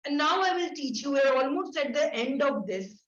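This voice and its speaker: A workshop instructor, a woman, teaching in a brisk, instructive way and ticking through lists of points. Her voice sits high. The sound is echoey and a bit dull and lo-fi. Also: animated, fairly bright tone. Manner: brisk, instructive, repeats key words in lists.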